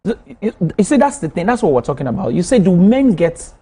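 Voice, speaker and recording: Husky, emphatic male TV panelist. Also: high voice, fast. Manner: emphatic, animated, repeats himself to hold the floor. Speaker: panelist on a talk show. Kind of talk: studio panel discussion. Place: TV studio.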